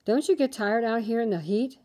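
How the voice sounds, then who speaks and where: A woman's voice: a little high, brisk, warm tone, pitched above the performer's own voice, natural voice. A woman reading the part of a kind, playfully teasing teenage girl in a children's story. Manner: friendly, playful.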